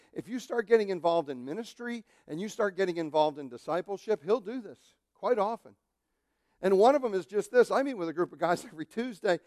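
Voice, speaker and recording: A male pastor delivers a lively sermon in a high voice. He is animated, slipping into quoted voices and jokes. The sound is dry and close. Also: dry recording.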